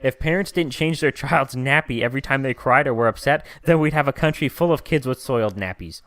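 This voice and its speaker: A man's voice: a little fast, fairly bright tone, dry recording, studio quality. A man co-hosting a casual podcast chat, joking around with lots of fillers. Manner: jokey, lots of fillers, breaks into silly high voices. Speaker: podcast co-host.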